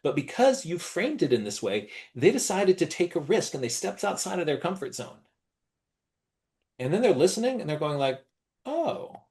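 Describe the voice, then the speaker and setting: A middle-aged man teaching an online workshop in an animated, conversational way. He often leaps into a high, gushing voice to mimic how adults praise a child's drawing, then drops back to his normal talk. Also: moderate pace. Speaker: workshop presenter.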